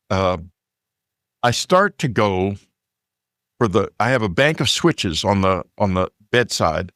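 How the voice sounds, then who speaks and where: A man from Texas telling a personal story in a relaxed, conversational way, with fillers and side remarks. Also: on the low side, no echo, clean studio sound. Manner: unhurried, plain storytelling with fillers and asides.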